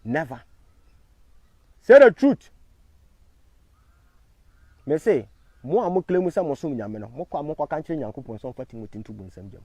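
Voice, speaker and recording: A husky-voiced man with a Ghanaian accent talks fast and with lively intonation during a defiant live stream. As an online commentator, he moves between loud statements and quiet murmured thanks to those watching, recorded dry.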